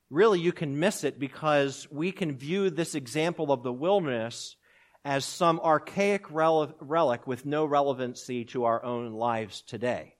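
A man preaching a sermon, building drama as he quotes and answers rhetorical questions. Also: mid-range voice. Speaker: pastor.

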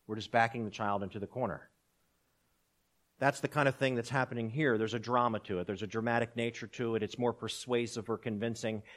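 A man preaching a sermon, building drama as he quotes and answers rhetorical questions. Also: medium pitch. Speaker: pastor.

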